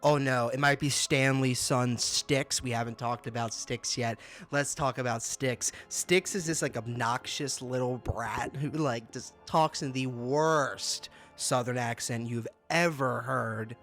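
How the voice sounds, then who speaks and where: A young man hosts a casual booktube review channel, his medium-pitched voice fairly bright, unhurried and fairly even in intonation, with faint music in the background. He sounds exasperated and laughs, often stammering and repeating himself.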